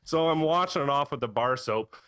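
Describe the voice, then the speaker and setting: A man, hosting a late-night tech podcast, telling a story in a casual, animated way with frequent laughs. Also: medium pitch, a little fast, dry recording. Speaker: podcast host, computer repair tech.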